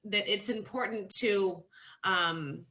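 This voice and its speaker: A woman's voice: mid-range voice, takes it slowly, pushed and bright. A pregnant woman talking candidly and from the heart as the featured guest in a casual chat about motherhood.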